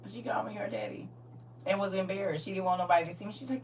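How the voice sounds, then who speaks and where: A middle-aged woman hosting a livestream, telling family stories in a lively, laughing, colloquial way. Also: medium pitch, racing. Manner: animated, laughing, colloquial storyteller who talks straight to viewers. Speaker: livestream host. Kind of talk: casual storytelling chat. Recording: distant mic with faint hum.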